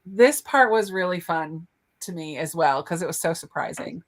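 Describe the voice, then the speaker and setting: A woman co-hosting a live book discussion, relaxed and joking with sarcastic asides. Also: lowish voice, normal speed. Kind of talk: casual live book chat.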